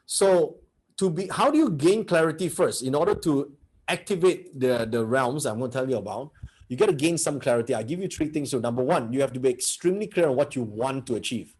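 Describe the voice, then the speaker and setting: A man's voice: medium pitch, animated, a little fast, a little mellow, breathy edge. A man teaching a motivational seminar, blunt and brash, who keeps firing rhetorical questions at his audience.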